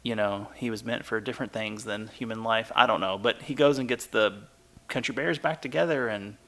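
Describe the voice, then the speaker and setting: A man's voice: lowish voice, a little fast, a bit bright. A man co-hosting a podcast in casual chat, rambling and laughing as he retells things. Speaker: podcast co-host.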